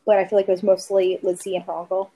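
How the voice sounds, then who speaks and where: A woman's voice: mid-range voice, flat delivery, fast talker, mellow, rough recording. A woman casually chatting on a podcast, rambling with lots of filler words. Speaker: podcast co-host. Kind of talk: casual chat.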